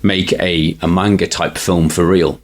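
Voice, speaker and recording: A man's voice: deep voice, steady tone, measured pace. A man co-hosting a casual film podcast, explaining trivia in a rambling way with many restarts. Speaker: podcast co-host.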